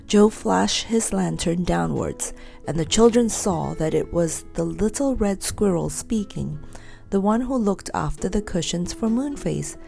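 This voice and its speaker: A woman reads a children's storybook aloud at a gentle, steady pace. Her voice is mellow with a gravelly edge. Faint music plays softly behind her. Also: fairly low pitch, unhurried. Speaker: reader.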